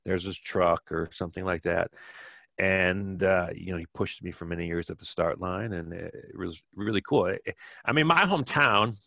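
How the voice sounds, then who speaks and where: A man's voice: low-pitched, moderate pace, creaky, pushed and bright, dry recording. A middle-aged man from Wisconsin, a podcast guest telling stories in a rambling, casual way with many fillers and restarts. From Wisconsin, USA. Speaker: podcast guest, bike fitter. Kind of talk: casual storytelling.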